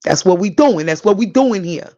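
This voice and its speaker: Young Brooklyn woman with a New York accent, casual podcast host, mid pitch, dry close sound. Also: lively intonation, moderate pace, dark tone, no room sound, muffled recording. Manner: chatty, repeats herself for emphasis, talks straight to listeners. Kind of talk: casual solo podcast monologue.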